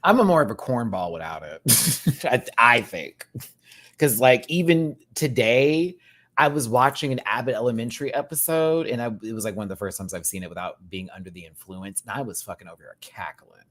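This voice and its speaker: Animated sassy man hosting a live stream. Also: medium pitch, fairly quick. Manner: sassy, campy, talks straight to viewers. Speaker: live stream host reviewing a reality competition show. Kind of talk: casual live commentary.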